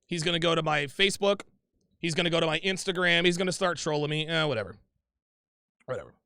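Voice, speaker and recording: A man's voice: a little high, quick pace, creaky, bright, forceful tone, smooth, no echo, clean studio sound. A man hosting a livestream, reading viewer super chats and answering them in a heated, profane, confrontational rant, repeating himself often.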